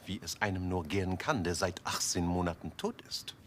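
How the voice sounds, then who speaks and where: An actor playing a cold, stern SS colonel with a formal manner. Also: male voice, deep voice, a little fast, slight background noise, natural voice. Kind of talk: 1990s TV comedy film.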